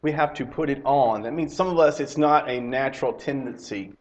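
A man's voice: medium pitch, a little fast. A middle-aged man giving a conversational sermon to his congregation. He repeats his key phrases and asks his listeners direct questions. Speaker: lay preacher and teacher. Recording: slightly dull lo-fi recording.

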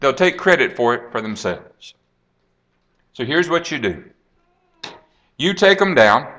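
A man preaching, retelling a Bible story with dramatic swings between hushed and raised delivery and acting out the quoted lines. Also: mid-range voice. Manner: dramatic storytelling, acts out quoted lines, drops to a hush then rises.

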